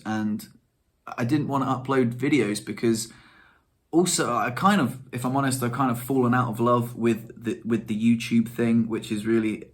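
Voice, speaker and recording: A young man, chatting casually to camera in a rambling, self-deprecating way. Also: mid-range voice. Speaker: vlogger.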